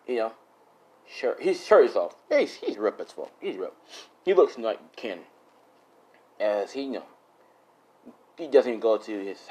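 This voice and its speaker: Young guy rambling thru a fan story, lowish voice, swears a lot. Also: a little mellow, slight background noise. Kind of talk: casual improvised fan story.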